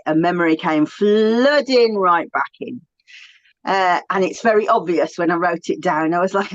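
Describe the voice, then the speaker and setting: A woman's voice: on the low side, moderate pace, dry recording. Chatty British woman, dull dry sound. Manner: chatty, enthusiastic, self-talking asides. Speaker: podcast co-host. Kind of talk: casual chat.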